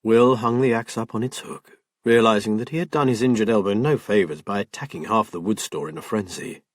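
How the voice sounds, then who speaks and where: A man reading a crime novel aloud as an audiobook narrator, in a measured storytelling manner. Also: lowish voice, no echo, studio quality. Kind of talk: scripted narration.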